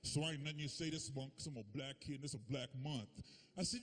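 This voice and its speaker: A man telling profane, animated stories in a stand-up comedy set. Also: fairly high pitch, a little fast, noisy background.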